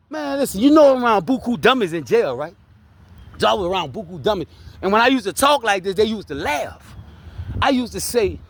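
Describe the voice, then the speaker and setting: A man's voice: very high-pitched, a bit bright, no room sound. A man with a Louisiana accent talking casually and preachily about hard lessons and faith, often asking "you heard me?". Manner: preachy street talk, keeps repeating "you heard me?". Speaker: vlogger sharing his life story. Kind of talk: casual motivational talk.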